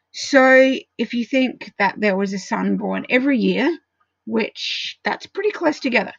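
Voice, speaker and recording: A woman teaching a Bible study in a casual way, walking through verses and explaining them with frequent pauses and ums. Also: mid-range voice, vocal fry, breathy edge, dry recording, highs cut off.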